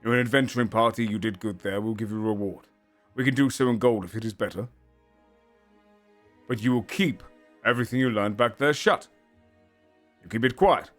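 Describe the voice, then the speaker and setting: A man's voice: lowish voice, brisk, pauses often, a bit bright, soft background music, lightly acted. A man playing a blunt, threatening councillor. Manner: blunt, commanding. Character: stern male city councillor threatening adventurers.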